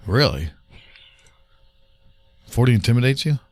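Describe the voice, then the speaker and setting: A man hosting a podcast, teasing his co-hosts with quick questions in casual studio banter, in what he calls a bland voice. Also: medium pitch, big pitch swings, dry recording. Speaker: podcast host. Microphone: studio mic.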